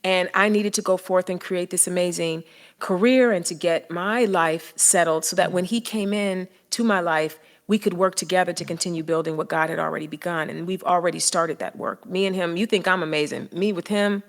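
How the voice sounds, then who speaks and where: A woman in her fifties, a podcast guest telling a personal story in lively, casual conversation. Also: fairly low pitch, fairly quick. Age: 50s. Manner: lively storyteller, acting out quotes.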